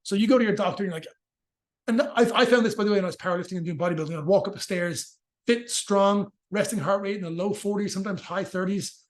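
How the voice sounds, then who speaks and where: A man explaining breathing physiology in a casual interview, fast and joking, with frequent swearing. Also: high voice. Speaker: movement and rehabilitation practitioner, guest.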